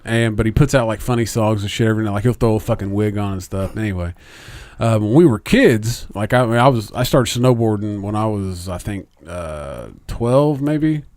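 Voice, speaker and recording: A man's voice: on the low side, lively intonation, normal speed, darkish tone, dry recording. A man, podcast co-host, telling a long story in casual chat, rambling and swearing a lot.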